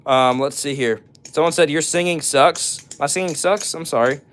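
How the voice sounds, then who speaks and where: A young man with a fairly high, fairly bright voice hosts a relaxed livestream at a moderate pace, with slight background noise. He reads chat comments aloud, answers them, and drops into brief bits of songs.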